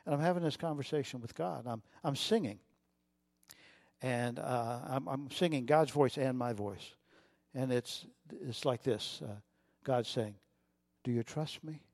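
A middle-aged man preaching a sermon, telling a personal story with feeling and swinging between loud and soft. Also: mid-range voice, unhurried, gravelly, dry recording. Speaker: pastor.

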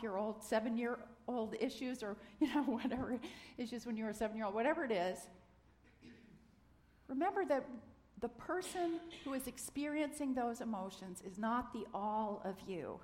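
A woman's voice: fairly high pitch, normal speed. Woman preaching in a reverberant hall. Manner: gentle, earnest, dips into soft near-whispers. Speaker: minister. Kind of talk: sermon.

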